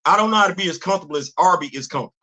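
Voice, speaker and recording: A man's voice: high-pitched, rapid-fire, bright, forceful tone. An older man hosting a livestream commentary show, talking with animation and repeating words as he starts sentences. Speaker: host.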